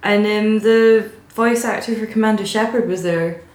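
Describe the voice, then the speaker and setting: A woman's voice: mid-range voice, fairly even intonation, normal speed, a little mellow. Young woman guest, giggly and hesitant, echoey room. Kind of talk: casual chat. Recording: roomy echo.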